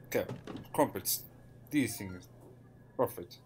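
A man's voice: medium pitch, a little slow, a little hiss or hum. An Irish man giving casual, jokey gameplay commentary with mock-bossy banter. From Ireland. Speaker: gaming YouTuber.

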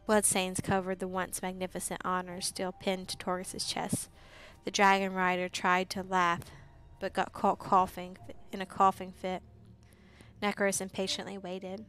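A woman reading a fantasy novel aloud as narrator, steady and even, with occasional slips. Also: mid-range voice, moderate pace, smooth, faint music behind, poor audio. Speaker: audiobook reader. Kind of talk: live book reading narration.

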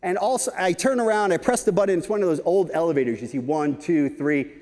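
A man in his fifties giving a conference talk, telling lively anecdotes with frequent "right?" asides. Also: high voice, fast. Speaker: keynote speaker. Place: large conference hall stage. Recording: reverberant conference hall.

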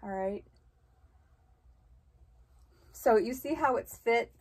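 Slow, chatty woman vlogger. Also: on the high side, a little mellow, husky, rough recording. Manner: chatty, rambling, jokey and self-deprecating. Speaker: fashion vlogger. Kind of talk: casual try-on review.

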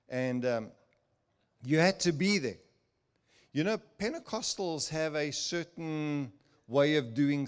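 An older man preaching in a church, telling a personal story with laughter and acted-out quotes. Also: medium pitch. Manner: animated, laughing storyteller who acts out quotes. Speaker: guest speaker.

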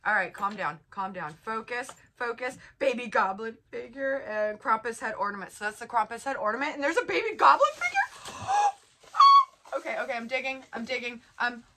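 A woman chatting casually as she unboxes a subscription box, bubbly and gushing with excitement. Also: fairly high pitch, moderate pace, noisy background. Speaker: vlogger.

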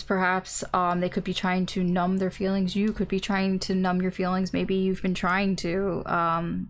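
A woman giving a casual tarot reading, thinking aloud with lots of ums and maybes, blunt and informal. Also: mid-range voice. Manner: blunt and informal, with mild swearing. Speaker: tarot reader.

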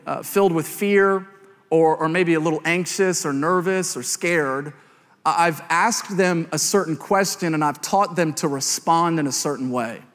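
A man in his thirties, a pastor, telling a humorous family story in a sermon, with lively quoted voices. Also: high voice. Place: large church hall. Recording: long hall reverb.

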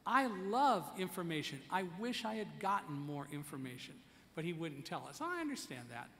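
A man's voice: fairly high pitch, sing-song, moderate pace, vocal fry, sharp tone. A man giving a keynote speech at a conference, telling a story vividly and speaking directly to the audience. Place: conference hall. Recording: echoey conference hall.

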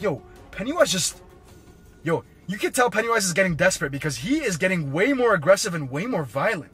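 Excitable high-voiced young man vlogging. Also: fairly quick, soft background music. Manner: excitable, keeps exclaiming and addressing viewers. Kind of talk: excited live commentary.

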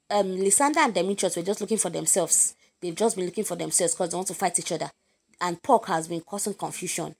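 A woman's voice: fairly low pitch, vocal fry, slightly rough. A young woman with a Nigerian accent giving a chatty, informal lesson summary, talking straight to her listeners. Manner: chatty, animated, addresses listeners directly. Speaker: literature teacher.

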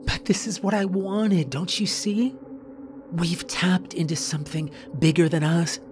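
A man's voice: sits high, steady tone, measured pace, noisy background, pitched above the performer's own voice. Man putting on an eerie, obsessed young woman. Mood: rapt.

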